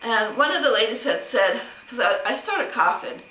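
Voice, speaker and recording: A woman with a bright, sharp voice rambles through a story of being slighted, replaying every exchange. She sits back from the mic in an echoey room, and faint ambient noise runs under her. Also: fairly high pitch, expressive, normal speed, recorded from a distance. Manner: rambling, aggrieved retelling with many quoted exchanges. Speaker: vlogger. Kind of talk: casual personal storytelling vlog.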